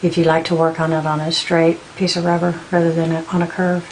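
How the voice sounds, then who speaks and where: A woman giving a patient step-by-step beading tutorial, counting out beads slowly as she works. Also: sits low, flat delivery, darkish tone, slight background noise, low-quality recording. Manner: patient, counts beads aloud in slow steps. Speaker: beading instructor.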